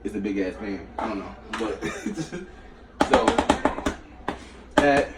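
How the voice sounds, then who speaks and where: A man's voice: lowish voice, very animated, takes it slowly, far from the mic. A man hosting a casual cooking vlog in a small home kitchen, chatty and slangy, cutting between the recipe and side stories. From New York. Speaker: cooking show host. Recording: echoey room, away from the mic, faint noise.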